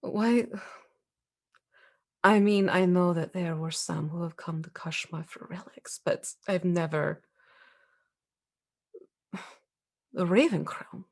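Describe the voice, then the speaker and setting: A woman voicing a trapped, longing spectral young woman in tabletop role-play, soft and wistful. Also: fairly low pitch, takes it slowly, creaky, pauses often, voice pushed down, exaggerated voice.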